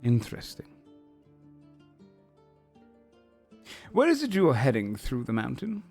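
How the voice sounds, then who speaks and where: A man voicing a regal, composed lion-folk woman who works as a treasurer, speaking in a calm, measured and politely cutting way. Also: mid-range voice, faint music behind.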